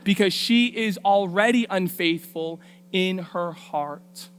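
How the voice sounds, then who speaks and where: A woman guest preacher telling a Bible story in a lively, colloquial, street-smart way during a sermon. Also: lowish voice, slow pace, a little hiss or hum. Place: church.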